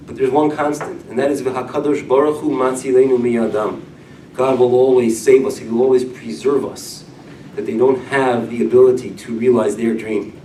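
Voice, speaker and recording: A middle-aged rabbi giving a sermon-style Torah class, telling stories with loud emphasis that drops to a hush. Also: male voice, medium pitch, slight background noise. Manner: storytelling, wide swings from loud emphasis to hushed. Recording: echoey room, mic at a distance.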